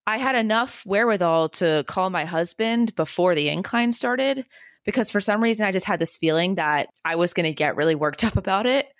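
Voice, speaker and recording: A woman's voice: mid-range voice, a little fast, no echo, clean studio sound. A young woman co-hosting a podcast, telling personal stories candidly in casual chat and laughing often. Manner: candid, animated storyteller who laughs often. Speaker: podcast co-host.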